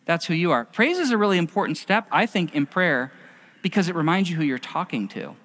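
Animated man preaching in a reverberant hall. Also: a little high, fairly quick. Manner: conversational, animated storytelling with quoted asides. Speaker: pastor. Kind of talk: sermon.

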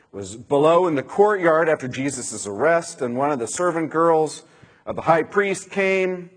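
A man preaching a conversational sermon, retelling scripture with rhetorical questions and a husky voice. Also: on the high side.

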